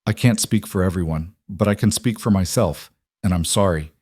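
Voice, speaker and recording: A man voicing an ashamed townswoman who speaks in a small, halting way. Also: sits low, darkish tone, dry recording, clean studio sound. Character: ashamed townswoman, gossip turned sorry.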